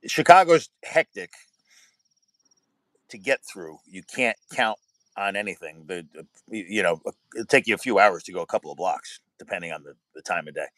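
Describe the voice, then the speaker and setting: A man's voice: low voice, expressive, moderate pace, a bit bright, no echo, rough recording. A man who works as a building inspector, chatting casually and rambling through road stories. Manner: rambling storyteller, retells anecdotes with quoted voices. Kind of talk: casual chat.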